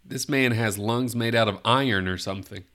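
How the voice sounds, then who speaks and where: A man's voice: on the low side, moderate pace, pushed and bright. A man hosting a casual podcast, running a guessing game and giving teasing hints with chuckles. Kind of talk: casual chat.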